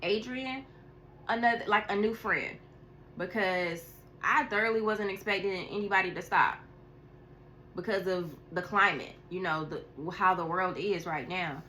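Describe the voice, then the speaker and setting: Bright-voiced chatty woman telling a story. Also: medium pitch, a little slow, a little hiss or hum. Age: adult with a school-age daughter. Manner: animated, chatty, laughs and sighs often. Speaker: tarot reader. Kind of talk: casual storytelling vlog.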